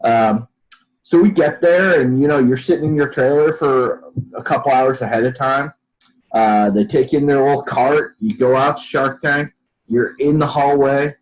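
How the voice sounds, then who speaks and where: A man's voice: medium pitch, moderate pace, poor audio. A man telling a story as a podcast guest, acting out other people's lines as he goes. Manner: animated storyteller, acts out quotes. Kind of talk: storytelling in a casual interview.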